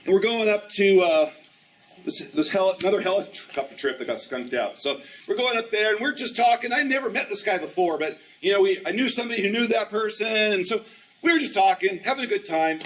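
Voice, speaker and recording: A man's voice: high voice, animated, a little fast, a bit bright, distant mic, low-quality recording. A man in his fifties giving a training talk, telling a story animatedly and acting out the dialogue. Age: 50s. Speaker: ski instructor trainer. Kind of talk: storytelling presentation.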